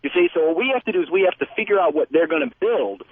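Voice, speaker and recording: A male caller on a tinny phone line rambles earnestly through his idea. His voice sits a little high. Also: lively intonation, rapid-fire. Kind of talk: phone call to a talk show.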